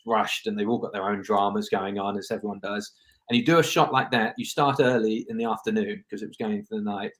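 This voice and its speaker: Low-ish male voice, director chatting on a video call, thoughtful, rambles and restarts a lot. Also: steady tone, quick pace. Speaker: film director guest. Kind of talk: casual interview talk.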